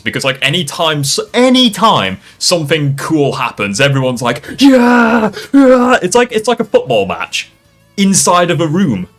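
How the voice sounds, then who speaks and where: A man's voice: mid-range voice, bright, forceful tone. A man hosting a casual reaction chat, rambling, laughing and swearing often. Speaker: streamer host.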